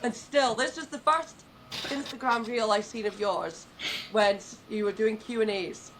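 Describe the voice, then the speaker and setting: A woman's voice: on the high side, unhurried, fairly bright tone, slight background noise, poor audio. A young adult woman hosting a podcast in casual chat, chatty and candid, swearing freely. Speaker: podcast host.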